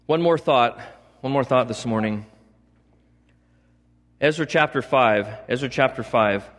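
A man's voice: mid-range voice, measured pace, fairly bright tone. A male pastor preaching a sermon, repeating points for emphasis and adding chatty asides. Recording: long reverb of a large hall.

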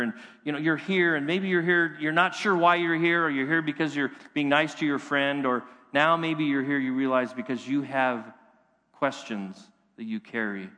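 A man's fairly high voice rings through a church sanctuary, with the long tail of the hall trailing each phrase. He preaches with passion, rising in intensity and then sinking to soft, hushed lines. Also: steady tone, moderate pace. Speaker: pastor. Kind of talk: sermon.

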